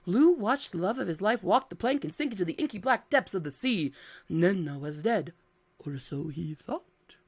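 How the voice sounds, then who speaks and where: A woman's voice: lowish voice, animated, moderate pace, darkish tone, slightly rough. A woman talks through a list of new book releases in a loose, playful way, musing aloud as she goes. Her voice sounds a little scratchy. She keeps the tone casual and chatty. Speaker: book content creator.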